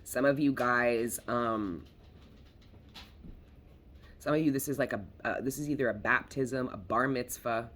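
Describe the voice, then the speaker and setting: A man's voice: mid-range voice, steady tone, measured pace, long pauses, a bit bright. A man giving a casual tarot reading, talking in a rambling, emphatic way, swearing freely and repeating himself. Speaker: tarot reader.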